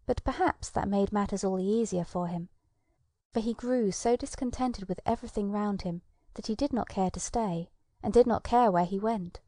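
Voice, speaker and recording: A woman reading a children's storybook aloud, narrating gently with soft whispered asides. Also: mid-range voice, moderate pace, no echo, studio quality. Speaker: audiobook narrator.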